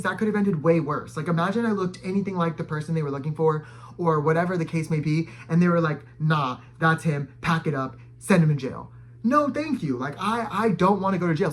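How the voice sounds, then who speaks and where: A young adult man telling a dramatic personal story in casual storytime style, full of "like" fillers and sudden loud, high bursts. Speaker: storytime vlogger.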